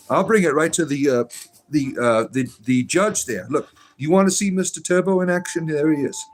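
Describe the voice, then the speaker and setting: Sarcastic Southern man reading chat. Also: fairly high pitch. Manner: rambling, hesitant, with frequent uh and restarts; sarcastic and defiant when answering comments. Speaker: livestream host reading chat. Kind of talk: casual livestream chat.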